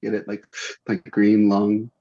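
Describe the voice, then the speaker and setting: A man who is a metal fan, talking as a guest on a casual comedy podcast with dry, deadpan jokes. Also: lowish voice, a little slow, gravelly, dry recording, dull audio. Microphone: headphones, remote line.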